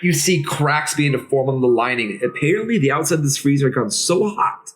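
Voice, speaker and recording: Man, game master, tabletop game narration, measured, descriptive, mid pitch. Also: expressive, low-quality recording.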